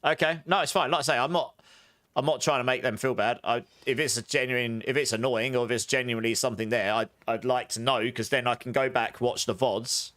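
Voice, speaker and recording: A man streaming a game and chatting with live viewers, talking loudly with audible breaths between sentences into a high-gain desk mic. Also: fairly even intonation, a little fast. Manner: rambling, self-correcting chatter. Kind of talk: casual chat with live viewers. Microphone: desk studio mic with high gain. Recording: clear background noise.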